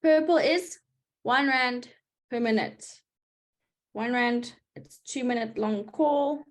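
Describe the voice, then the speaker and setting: A woman's voice: on the high side, slow. A woman teaching a live online maths class, explaining patiently step by step and checking in with her students. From South Africa.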